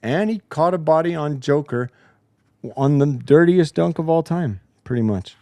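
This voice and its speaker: A man's voice: fairly high pitch, expressive, moderate pace, warm tone, dry recording. Heated, profane man ranting, dry sound. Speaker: podcast host. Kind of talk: profane post-game basketball rant. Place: home basement studio.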